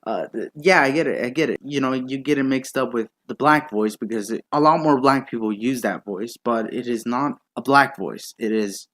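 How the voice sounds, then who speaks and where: A man reacting to a video in a heated, sarcastic rant, swearing freely and sounding openly disbelieving. His voice sits at an ordinary middle pitch. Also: moderate pace, few pauses, a bit bright. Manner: sarcastic, profane, incredulous. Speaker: YouTube commentator.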